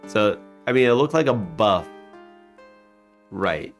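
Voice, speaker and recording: A man's voice: on the low side, expressive, slow, long pauses, soft background music. A man hosting a let's play, chatting casually and joking about the game, with frequent laughs and hesitant restarts.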